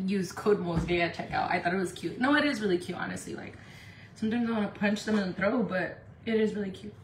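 A woman's voice: mid-range voice, brisk, long pauses. A woman from California doing a casual makeup livestream, chatty and profane, laughing often and slipping into Spanish. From Indio, California. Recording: echoey room with faint noise.

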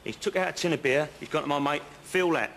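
A yarn-spinning decorator, slightly high voice, noisy outdoor sketch audio. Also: male voice, fast talker, creaky, fairly bright tone. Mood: chatty. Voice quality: chatty, earnest storyteller, leading asides. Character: rambling working-class male painter spinning pointless yarns. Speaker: house painter. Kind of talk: comedy sketch acting. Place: outdoors on a bridge.

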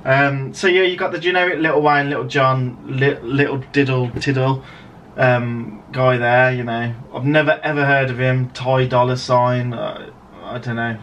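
A man's voice: medium pitch, steady tone, unhurried, a bit bright, lo-fi sound, a little hiss or hum. An English man in his thirties, a writer, ranting in a video commentary in an exasperated, sarcastic, rambling way. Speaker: writer vlogger.

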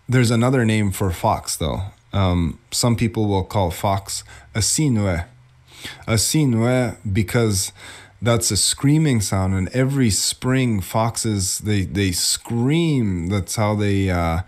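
Animated man telling a plant story. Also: mid-range voice. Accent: Anishinaabe community English. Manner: animated, acts out quoted voices. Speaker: teacher. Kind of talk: casual storytelling lesson for children.

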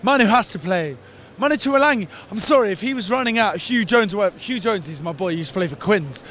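An angry rugby fan swears and shouts through a street interview outside a stadium. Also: male voice, high voice, lively intonation, fast, a little hiss or hum. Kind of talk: vox pop rant.

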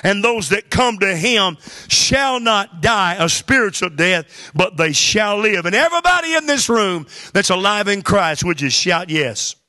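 A man's voice: high voice, bright, forceful tone. A man pastor preaching a sermon, building to emphatic bursts and exclamations. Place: church hall.

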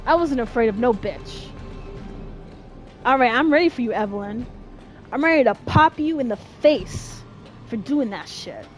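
Young woman, high and very expressive, unhurried let's-play talk, profane and jumpy, over faint game music. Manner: profane, jumpy, yelling when scared. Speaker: gaming streamer.

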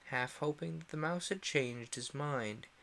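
A young man reading a classic storybook aloud on a stream, expressive and acting out the characters. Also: on the high side, a little slow, vocal fry, a little hiss or hum.

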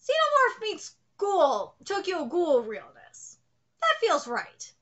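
A manga reaction host gives live commentary in a high, bright voice whose pitch swoops wildly. She gushes with exclamations and swears freely, yet her delivery stays unhurried.

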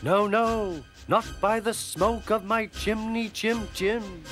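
A man's voice: high-pitched, wildly swooping pitch, slow pace, bright, forceful tone, soft background music, voice pushed up, full character voice. Cartoon engine, bossy and brusque, raised voice, played by a man. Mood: blustering. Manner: brusque, impatient. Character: impatient bossy male tank engine.

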